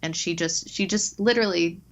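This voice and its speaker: A woman's voice: fairly low pitch, normal speed, muffled recording. A woman who is a guest on a podcast, teasing her co-host and acting out quotes in silly voices. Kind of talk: casual chat.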